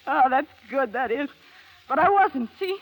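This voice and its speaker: A woman's voice: sits high, animated, a little slow, poor audio. An actress playing a bitter, defiant young woman confessing a shameful past, in a blunt, slangy, scornful way. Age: young adult. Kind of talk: dramatic acting.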